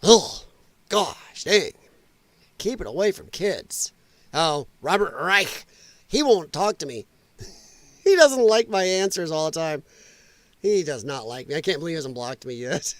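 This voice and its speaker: A man's voice: fairly high pitch, animated, unhurried, long pauses, a bit bright, dry recording. A middle-aged man hosting a podcast, reacting to clips with mocking comments, exclamations and frequent laughs. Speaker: host.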